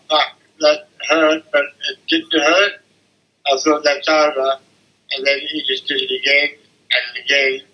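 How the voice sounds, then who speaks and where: A man's voice: a little high, dull audio. An older man, shaken and tearful, describing what happened to him in a distressed, sweary, repetitive way over the phone. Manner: distressed, swearing, repeating himself. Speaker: interviewee. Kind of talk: emotional phone interview.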